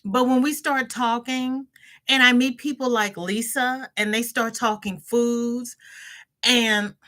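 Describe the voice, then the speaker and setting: A woman's voice: fairly high pitch, fairly even intonation, slow pace, sharp tone. A middle-aged woman hosting a crochet livestream, chatting casually, reading viewers' comments aloud and greeting them by name with laughter.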